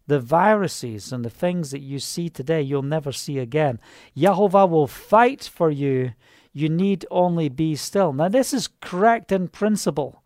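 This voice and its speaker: A man's voice: a little high, animated, measured pace, darkish tone, no echo, clean studio sound. A man preaching and praying fervently, proclaiming and breaking into hallelujahs. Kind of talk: charismatic sermon and prayer. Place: Israel.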